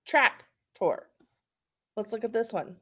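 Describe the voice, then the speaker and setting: A woman teacher with an Oklahoma accent walks students through a phonics lesson. She talks slowly in a fairly high voice and repeats each word patiently so they can practice it. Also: lively intonation.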